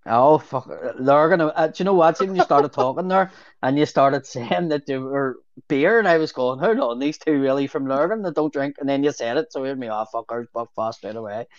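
A man's voice: fairly high pitch, brisk, no room sound. A man with a Belfast accent, a guest on a casual podcast, telling stories full of swearing and laughter. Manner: sweary storyteller, laughs often. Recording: dull lo-fi audio.

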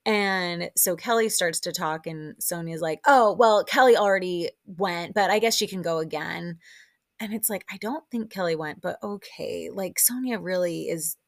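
A woman's voice: on the low side, normal speed, gravelly, no echo, clean studio sound. A woman hosting a casual recap podcast, talking in a chatty, exasperated way and acting out quotes in raised voices. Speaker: podcast host recapping a reality show.

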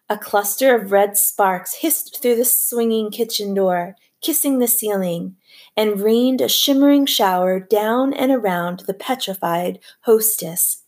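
This is a woman reading a novel aloud for an audiobook. Her pitch sits in the middle for a woman. Her delivery is measured and even, suited to storytelling. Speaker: audiobook narrator. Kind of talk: scripted narration.

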